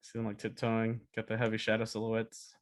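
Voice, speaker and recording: A man giving a casual talk as a storyboard artist, chatty and animated, acting out cartoon pitches. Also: fairly quick. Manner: animated, chatty, many fillers and laughs.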